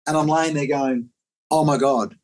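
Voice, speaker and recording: Animated middle-aged man telling his story. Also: fairly high pitch, moderate pace, rough recording. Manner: animated, acts out quoted voices, many filler words. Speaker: interview guest. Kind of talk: personal storytelling in conversation.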